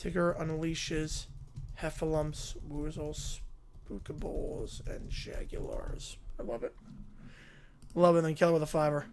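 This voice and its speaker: Male streamer, casual commentary, amused asides, gravelly voice. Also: fairly high pitch, fairly even intonation, a little slow, a little mellow, a little hiss or hum. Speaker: live-stream host.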